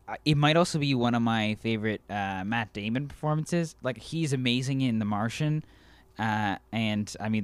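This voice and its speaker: A young man co-hosting a laid-back movie podcast, his voice sitting a bit low. He gets excited fast and stumbles over his words, and the sound is dry and close. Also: no room sound. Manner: excitable, lots of fillers and restarts. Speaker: podcast co-host. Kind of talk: casual movie chat.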